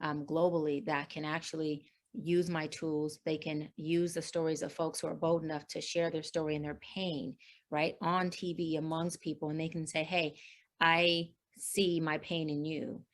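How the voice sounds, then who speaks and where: Earnest expressive woman, slightly low voice. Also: normal speed. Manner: expressive, quotes people in lively voices; earnest, many fillers and restarts. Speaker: life coach guest. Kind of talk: interview, personal storytelling.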